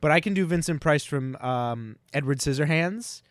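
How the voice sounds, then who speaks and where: A man's voice: fairly high pitch, lively intonation, no echo, studio quality. Jokey male podcast host. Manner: jokey, teasing, quick with impressions. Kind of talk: casual comedic chat.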